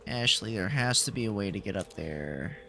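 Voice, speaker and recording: A man's voice: on the low side, lively intonation, normal speed, noisy background. A man streaming a video game, chatting in jokey mock panic and talking to the game characters. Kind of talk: live gameplay commentary.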